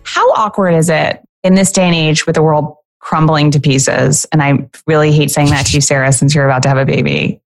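A woman hosting a podcast in casual chat, jumping up high in pitch whenever she mimics other people. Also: fairly even intonation, fairly quick, few pauses, faint music behind. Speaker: podcast host.

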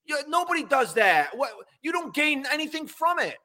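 A man co-hosting a casual sports talk show, ranting in an animated way and mocking what others said. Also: very high voice, normal speed. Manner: animated, ranting, mocks quotes.

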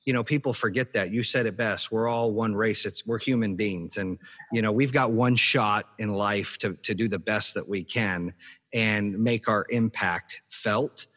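A man's voice: fairly low pitch, fairly even intonation, measured pace, a bit bright. A man from Arizona hosting a podcast, giving a motivational pep talk with many restarts and fillers. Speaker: podcast host. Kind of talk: casual podcast chat.

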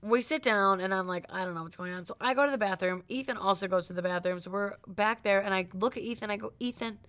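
A young woman co-hosting a podcast, telling a story in casual chat, animated and laughing often. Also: mid-range voice, quick pace. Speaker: podcast co-host.

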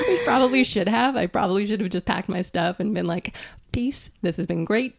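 A woman from Brooklyn, a podcast guest, telling a personal story in casual conversation, animated, laughing and swearing freely. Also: medium pitch, normal speed, gravelly, slight background noise. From Brooklyn, New York.

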